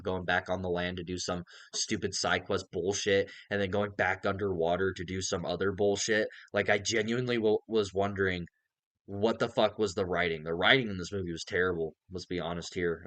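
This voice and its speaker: A young man reviewing a film rants in a casual, exasperated way, swearing heavily throughout. His voice is deep yet fairly bright in tone, and the recording is dry.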